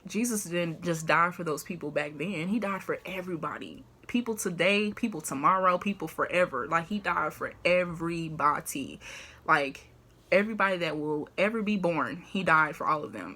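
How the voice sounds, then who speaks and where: A woman's voice: lowish voice, sharp tone. A young woman sharing casual faith encouragement in a vlog. She talks in a chatty way, leaning on "like" and "you know", and laughs easily. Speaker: faith vlogger. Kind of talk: casual faith talk to camera.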